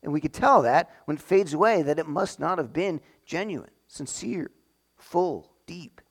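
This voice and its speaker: A man's voice: a little high, animated, unhurried. A man giving a sermon in a conversational teaching way, explaining his point step by step to a congregation. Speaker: pastor.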